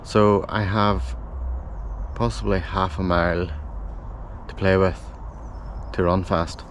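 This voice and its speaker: Casual low-voiced man thinking aloud. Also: fairly even intonation, slow pace, a little hiss or hum. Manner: rambling, thinks aloud, self-correcting. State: out of breath while running. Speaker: running vlogger. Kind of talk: casual self-filmed vlog. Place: outdoors, in a park. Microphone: handheld camera mic.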